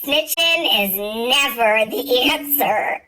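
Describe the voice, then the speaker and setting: A woman vlogger with a bright, forward voice tells a neighborhood story straight to camera. She talks casually and swears freely, with lots of "you know" and "like" along the way. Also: a little high, expressive, slow pace, slight background noise, low-quality recording. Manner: chatty, profane, full of fillers and asides.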